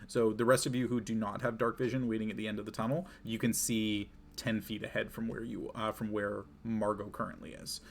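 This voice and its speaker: A man runs a tabletop game with a low, gravelly voice. He narrates in a relaxed, descriptive way and pauses for fillers. A faint hiss sits behind him. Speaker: game master.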